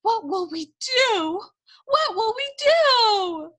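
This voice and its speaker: A heartbroken storybook cook, put on by a woman reading aloud, wailing in a shrill, sky-high voice. She sobs through every word, strained and desperate, and her voice bursts out loud and piercing. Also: expressive, drawn-out words, full character voice. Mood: despairing.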